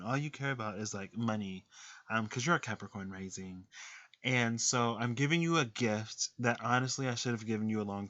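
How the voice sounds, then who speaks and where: A man's voice: medium pitch, fairly bright tone, natural voice. A man doing a fed-up partner, sugary and passive-aggressive on top, a little raised and punchy. The sound is muffled and lo-fi. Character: fed-up partner ending a relationship.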